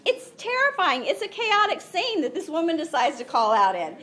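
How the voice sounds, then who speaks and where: Aussie woman preaching, high voice that swoops all over, acts out the story. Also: moderate pace. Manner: animated storytelling, acts out voices, laughs often. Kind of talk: sermon.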